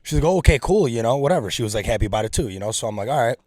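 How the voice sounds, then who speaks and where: Casual podcast co-host, man about thirty, quick delivery, dry close sound. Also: fairly low pitch, no echo. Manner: animated storyteller, acts out quotes, swears a lot. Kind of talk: casual chat.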